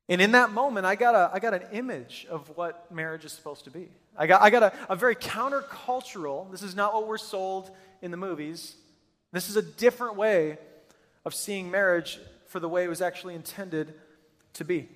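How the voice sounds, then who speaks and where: A man's voice: sits high, brisk, a bit bright. A middle-aged man preaching a sermon, telling stories in an emphatic, earnest way. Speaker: pastor. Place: church auditorium with hundreds present. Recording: long reverb of a large church hall.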